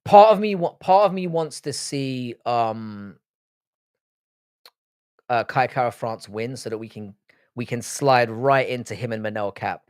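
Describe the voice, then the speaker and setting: Slightly slow and medium-pitched, this man with an English accent, Irish roots and a British upbringing hosts a casual livestream, reading comments aloud and replying bluntly with swearing. The recording is clean studio sound without room noise.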